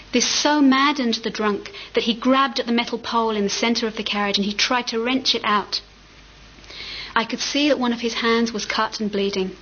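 Female storyteller, higher register, relaxed casual reading, muffled lo-fi recording with light hiss. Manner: casual, occasionally laughing and stumbling over words.

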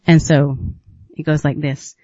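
Unhurried, musing man, slightly higher voice. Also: little pitch movement, no room sound, lo-fi sound. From United States. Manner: unhurried and musing, with gentle laughs and pauses. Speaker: meditation retreat teacher. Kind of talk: reflective dharma talk.

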